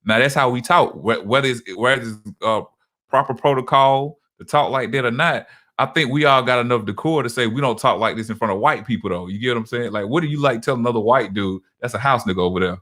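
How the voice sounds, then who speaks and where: A man's voice: medium pitch, fairly quick, fairly bright tone. A man in casual podcast chat, telling stories loosely with many restarts. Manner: loose, repetitive storytelling with frequent restarts. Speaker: podcast co-host.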